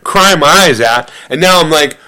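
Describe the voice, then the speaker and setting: A man's voice: fairly high pitch, animated, moderate pace, bright, forceful tone, clean tone. A man co-hosting a podcast, chatting casually, rambling with many fillers and breaking into laughter often. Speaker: podcast co-host. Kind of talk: casual chat.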